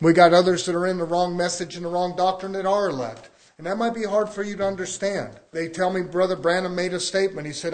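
A man preaching a sermon to his church, building emphasis with rhetorical questions. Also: high-pitched. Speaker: pastor.

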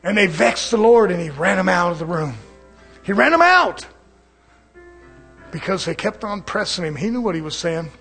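A man preaching an evening sermon in a church, fervent, swinging between shouted lines and hushed asides. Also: high voice, fairly quick, hardly any pauses, husky, soft background music.

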